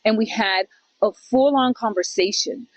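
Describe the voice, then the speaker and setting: Middle-aged woman host, lively storyteller, plays out the voices in her story, dry close sound. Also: fairly high pitch, unhurried, no echo, dull audio. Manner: animated storyteller, acts out quoted voices, mixes in Spanish phrases. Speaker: podcast co-host. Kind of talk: casual storytelling chat.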